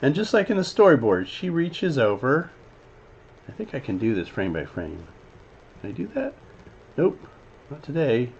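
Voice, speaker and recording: A man with a mid-range voice explains an animated scene as a teacher, at a moderate pace with frequent pauses. He rambles casually, uses many fillers, and occasionally speaks the characters' lines. The audio is slightly dull and lo-fi, with faint background noise.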